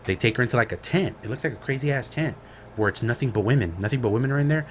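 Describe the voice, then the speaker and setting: A man's voice: medium pitch, racing, slight background noise. A man co-hosting a podcast, retelling a story in casual chat with slang and swearing. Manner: slangy, profane, animated retelling. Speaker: podcast co-host.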